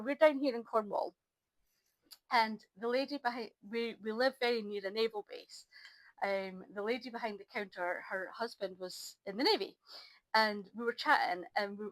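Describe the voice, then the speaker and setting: A middle-aged woman chats to camera from home, her voice sitting a little high. She rambles warmly through her crafting with plenty of ums and restarts, sounding a touch tired. The sound is dry and close, with no room echo. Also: fairly quick. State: low on energy. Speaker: crafting vlogger. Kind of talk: casual chat to camera. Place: at home by an ironing board.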